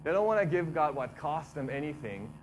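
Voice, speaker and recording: Man preaching casually, slightly high voice. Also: brisk, poor audio. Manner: relaxed, repeats himself, acts out complaining voices. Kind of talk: casual conversational sermon.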